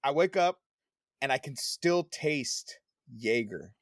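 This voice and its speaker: A man in his forties tells a rambling story on a podcast, swearing freely and acting out both sides of each conversation. His voice sits at an ordinary middle pitch. The sound is dry and close, with no room around it. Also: slow pace, dry recording. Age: 40s. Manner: profane, animated storytelling. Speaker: podcast host. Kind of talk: casual chat.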